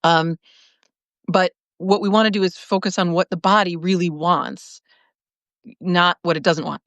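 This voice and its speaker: A woman hosting a live video, reading out viewer comments and answering in an animated way, laughing often and restarting her sentences. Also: lowish voice, a little slow, no echo, muffled recording. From lived in Chicago, now in California. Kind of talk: casual live-stream talk.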